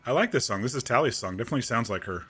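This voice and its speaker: Bright-voiced man streaming casually. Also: mid-range voice, expressive, racing, breathy edge, faint music behind. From United States. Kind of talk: casual live-stream chat. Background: game soundtrack playing faintly.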